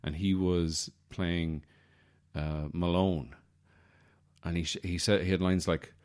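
A man with a very low, deep voice hosts a comedy podcast. He rambles from one aside to the next in a wry, self-deprecating way, often catching and correcting himself. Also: flat delivery, unhurried, darkish tone, clear, resonant tone. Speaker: podcast host.

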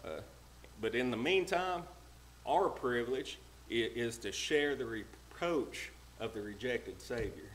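A man delivers a folksy sermon from a church pulpit, his voice pitched at an ordinary male middle. He talks in a homespun, down-to-earth way and reads the verses slowly, with a faint hum of room noise behind him. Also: lively intonation, low-quality recording. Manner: plain-spoken and homespun, reads King James verses slowly. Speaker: lay preacher. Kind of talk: folksy sermon with scripture reading. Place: church sanctuary.

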